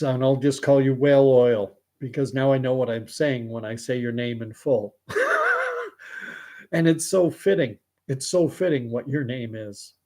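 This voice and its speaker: A middle-aged Canadian man with a Canadian accent, chatting casually on his vlog and reading viewer comments, halting and rambling with many restarts. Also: medium pitch, mellow. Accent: Canadian English.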